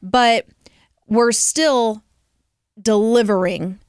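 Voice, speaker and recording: Smooth-voiced young woman news anchor. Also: on the high side, very slow, dry recording, clean studio sound. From American Midwest. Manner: chatty, laughs often, many likes and ums. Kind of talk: casual interview chat.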